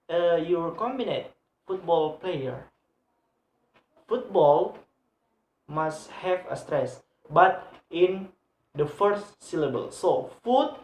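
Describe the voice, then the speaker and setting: A young man talks through a grammar lesson for a class video, slow and halting, with frequent pauses and fillers. He repeats each example word several times as he explains it. His voice carries a noticeable room echo. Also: a little high. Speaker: student presenter. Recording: roomy echo.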